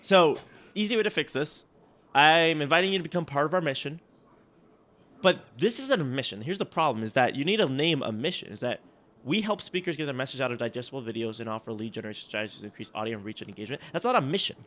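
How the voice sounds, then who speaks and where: A man's voice: mid-range voice, expressive, fast, a bit bright. A man co-hosting a casual chat, rambling and joking as he critiques sales emails, often breaking off mid-sentence. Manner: rambling, self-interrupting, joking. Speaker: podcast co-host.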